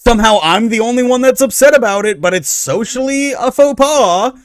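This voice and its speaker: A man hosting casual reaction commentary, ranting in an animated, sarcastic, opinionated way. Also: very high voice, a little fast, dry recording, clean studio sound. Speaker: streamer reacting to online posts.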